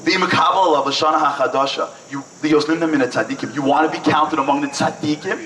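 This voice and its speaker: A man's voice: a little high, quick pace, fairly bright tone. Guy giving a fired-up inspirational talk at an event, sounds kinda far from the mic, faint hiss. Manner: passionate, rising and falling with emphasis, acts out dialogue. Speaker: inspirational speaker. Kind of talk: motivational talk at a breakfast event. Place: event hall. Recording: distant mic with faint noise.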